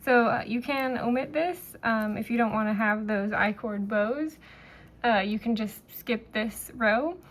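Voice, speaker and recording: Slow, relaxed woman teaching knitting. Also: a little high. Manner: relaxed, talks while knitting, fillers and pauses. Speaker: knitting instructor. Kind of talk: step-by-step craft tutorial.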